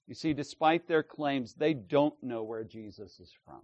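A man's voice: medium pitch, unhurried, hardly any pauses, darkish tone, no room sound, dull audio. A man preaching an expository sermon, emphatic, checking in with his listeners and acting out the quoted lines.

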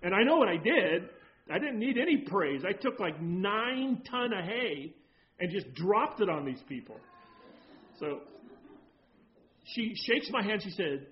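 Male pastor, higher voice, animated storyteller turning into fervent preacher; slightly lo-fi sound. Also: normal speed. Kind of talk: sermon with personal story.

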